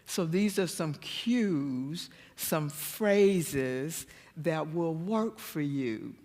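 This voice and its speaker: A woman giving a church seminar talk, telling stories animatedly and jumping to a high voice when she acts out quotes. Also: animated, drawn-out words, a little mellow, big-room sound. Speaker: guest speaker. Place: church hall.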